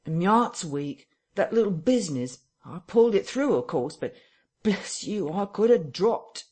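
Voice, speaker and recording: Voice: medium pitch, expressive, measured pace, darkish tone, husky, voice pushed up. A reader voicing a frightened, self-pitying tramp who whines and complains near tears. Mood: whining. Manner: whining, tearful, complaining.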